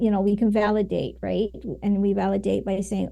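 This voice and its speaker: A woman's voice: mid-range voice, flat delivery, moderate pace, creaky, few pauses, warm tone. A woman guest on a podcast, explaining her ideas at length, with many fillers and "right?"s. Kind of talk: conversational interview.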